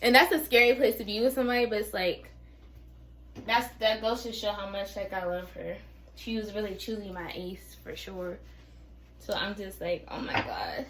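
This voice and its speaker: A woman's voice: medium pitch, fairly even intonation, normal speed, fairly bright tone, roomy sound, recorded from a distance, low-quality recording. A woman in her twenties telling a personal story in a candid, rambling way, with many fillers and restarts. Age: 20s. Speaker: vlogger.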